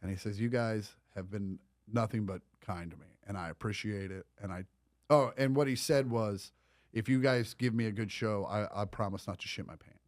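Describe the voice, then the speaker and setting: Laid-back man, low voice, comedian guest. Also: normal speed, no room sound, studio quality. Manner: laid-back storyteller, wry. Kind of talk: casual chat.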